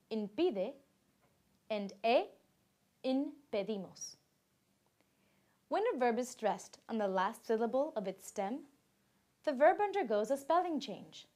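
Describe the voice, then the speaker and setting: A woman reading scripted textbook narration in a slow, careful, even delivery, giving examples in two languages. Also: on the high side.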